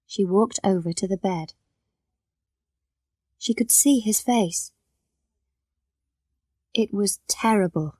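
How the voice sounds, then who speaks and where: A woman narrating a graded-reader story for learners in a slow, clear, plain way. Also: mid-range voice, a little mellow, no room sound, clean studio sound.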